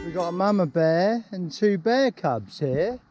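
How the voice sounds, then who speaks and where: A man filming his own bike-touring vlog outdoors, chatting in a casual, excitable and rambling way. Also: high-pitched, unhurried, music in the background. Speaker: touring cyclist vlogger. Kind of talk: casual self-filmed travel chat. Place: outdoors by a rainy roadside. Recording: noisy outdoor camera audio.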